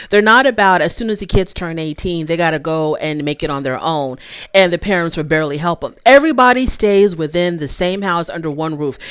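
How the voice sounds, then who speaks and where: A sassy woman gives her candid opinions while recapping a reality show in a casual, chatty way. Her voice sits a little low, and the recording is close and dry with no room sound. She talks with plenty of asides. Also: dry recording.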